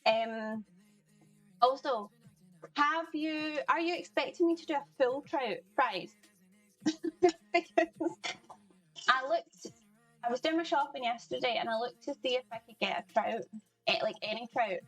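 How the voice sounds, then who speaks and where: A fairly high-pitched woman chats easily with her viewers during a live cooking stream at home, greeting people by name and laughing often. Faint music plays softly behind her. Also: measured pace, pauses often, rough recording. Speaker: livestream cooking host. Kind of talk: casual chat with viewers while cooking. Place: home kitchen.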